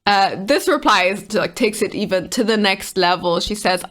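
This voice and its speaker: A woman's voice: medium pitch, animated, moderate pace, few pauses, fairly bright tone. A woman giving casual, exasperated commentary while reading out online comments, often laughing.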